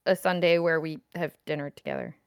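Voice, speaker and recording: A woman's voice: low voice, huge pitch swings, a little fast, gravelly, clear, resonant tone, dry recording. A woman from Canada co-hosting a casual comedic podcast chat, blunt and teasing. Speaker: podcast co-host.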